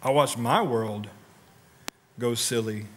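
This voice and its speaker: A man preaching a sermon as pastor, telling stories with animated swings between loud punchy lines and quiet low ones, and prodding the congregation for responses. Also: slow pace, long reverb tail, slight background noise. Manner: talks directly to the congregation, prodding them for responses. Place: church sanctuary.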